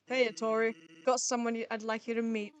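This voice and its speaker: A woman's voice: a little high, brisk, natural voice. Sans, a woman doing a laid-back skeleton guy. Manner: relaxed and punning. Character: laid-back joking male skeleton, easygoing.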